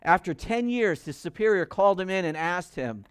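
A man preaching a sermon, emphatic and rising loud when he reads scripture. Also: high voice, animated, moderate pace, clear, resonant tone, dry recording, studio quality. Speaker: pastor.

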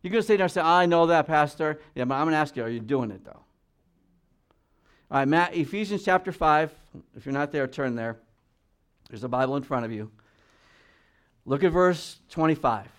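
Slightly high-voiced male pastor preaching. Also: animated, clear, resonant tone. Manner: conversational preaching, reads scripture aloud slowly. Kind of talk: sermon.

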